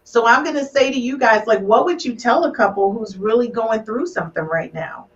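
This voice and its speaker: A woman's voice: fairly high pitch, a little fast. A woman hosting a live relationship podcast, talking in an emphatic, preachy way. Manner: emphatic, preachy, repeats "do you hear me" and "I'm gonna tell you right now". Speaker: podcast host. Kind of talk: casual live podcast chat. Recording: distant, slightly muffled sound.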